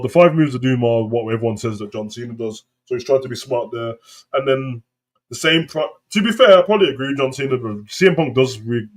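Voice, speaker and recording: A young man giving casual, mocking live reaction commentary, swearing often and quoting lines in put-on high voices. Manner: mocking, profane, jumps into high mimicking voices. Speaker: wrestling reaction host.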